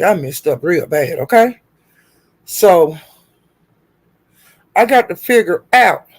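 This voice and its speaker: A woman hosting a live stream who is frantic and flustered, swearing, laughing and calling out to viewers for help. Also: on the low side. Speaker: livestream host.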